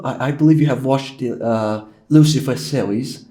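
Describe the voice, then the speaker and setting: A man's voice: mid-range voice, moderate pace, warm tone. A young man from Iran, a guest in a casual interview, talking playfully with frequent hesitations. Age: young adult. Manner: playful, hesitant, lots of fillers.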